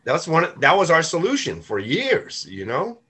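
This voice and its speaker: A man's voice: fairly high pitch, huge pitch swings, moderate pace, pushed and bright, husky. A man co-hosting a casual recovery podcast, talking emphatically and swearing now and then. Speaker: podcast co-host. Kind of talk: casual recovery-group chat.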